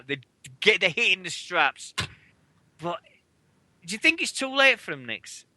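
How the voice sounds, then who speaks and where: A man's voice: high-pitched, no room sound. A British man co-hosting a wrestling radio show, ranting in casual, sweary chat. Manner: swearing, excitable, fast ranting.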